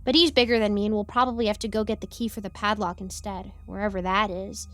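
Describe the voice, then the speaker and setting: A woman's voice: medium pitch, steady tone, fast talker, soft background music. A woman narrating a first-person horror story with a playful, girlish delivery and sudden yelps and giggles.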